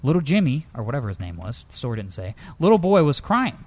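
A man co-hosting a comedic news-story show, telling tales in a lively, animated way. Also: quick pace. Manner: lively storyteller, jumps into high pitch for characters. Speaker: co-host.

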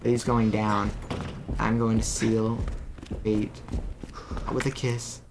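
A man's voice: fairly low pitch, flat delivery, slow, background noise. A man hosting a game walkthrough, rambling and swearing freely as he plays and jokes about himself. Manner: profane, rambling, self-mocking. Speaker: gaming channel host. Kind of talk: let's play commentary.

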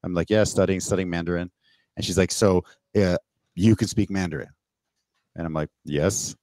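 A man from Canada tells stories over a remote call in a very deep voice, close and dry with no room sound. He talks casually and lets his voice jump up when he acts out what people said to him, swearing along the way. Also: moderate pace, dry recording. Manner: animated, swears, acts out quoted exchanges with rising pitch. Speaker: podcast guest. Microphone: remote call mic.

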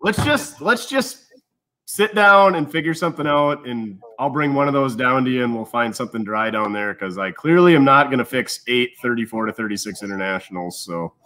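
A man's voice: mid-range voice, expressive, fairly quick, pushed and bright. A man hosting a car repair livestream, trading wry, joking banter in casual chat. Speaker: car repair channel host.

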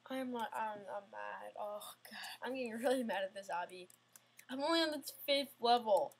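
A woman's voice: on the high side, animated, fairly quick, a little hiss or hum. A woman giving casual, self-mocking gameplay commentary, getting frustrated and talking back at the game. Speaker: gamer playing an obstacle course game.

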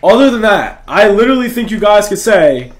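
A young man giving excitable, slangy running commentary over his own video game play as a gaming channel host. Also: high-pitched, a little fast. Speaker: gaming YouTuber. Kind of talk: live gameplay commentary.

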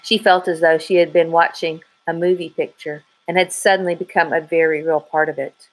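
A woman reading a children's mystery novel aloud in an even, measured way. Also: low voice, rough recording. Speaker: audiobook reader. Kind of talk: storybook narration.

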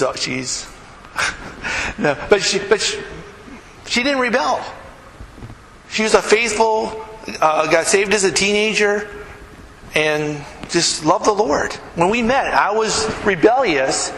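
A man preaching a live sermon as pastor, telling stories emphatically and dropping to hushed, earnest tones. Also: high voice. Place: church sanctuary. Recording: echoey church hall, noisy live recording.

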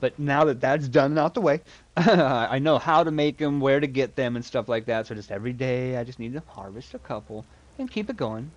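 A man's voice: mid-range voice, lively intonation, brisk, dull audio. A man streaming a game, rambling to himself in casual commentary and swearing freely.

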